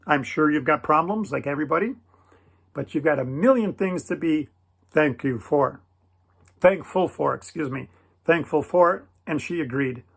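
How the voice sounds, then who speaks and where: A man telling a personal story in an earnest, gentle, preacherly way, repeating blessings and prayers. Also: on the high side, normal speed, gravelly, breathy edge. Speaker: Christian video creator.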